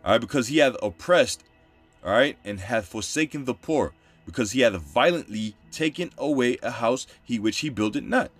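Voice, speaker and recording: A man's voice: medium pitch, expressive, moderate pace, faint music behind. A man preaching a scripture study, reading verses aloud and explaining them emphatically in casual, informal phrasing. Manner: emphatic, repeats points, informal street phrasing between readings.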